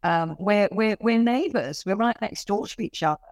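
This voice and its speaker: A woman in her late fifties with a London accent, chatting as an interview guest in an animated, self-mocking way with many restarts. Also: medium pitch, normal speed, no room sound, studio quality. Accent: London English. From London, England. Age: late 50s. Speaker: guest author and performer. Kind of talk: casual interview chat.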